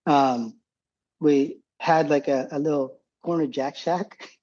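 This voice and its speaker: Profane, laughing man with a husky voice. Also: on the high side, steady tone, takes it slowly, darkish tone, muffled recording. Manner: profane, rambling, laughs often. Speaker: podcast guest, former combat medic. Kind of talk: casual war storytelling.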